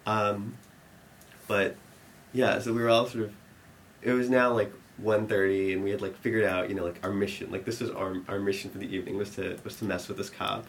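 A man's voice: lowish voice, fairly quick, a little hiss or hum. Young man rambling through a story. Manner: rambling, filler-heavy, gets animated and laughing as the story builds. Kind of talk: storytelling to an audience.

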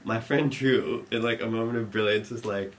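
A man's voice: fairly low pitch, steady tone, moderate pace, slight background noise. Rambling young man telling a story. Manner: rambling, full of "like" and restarts, laughing at his own story. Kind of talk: live storytelling.

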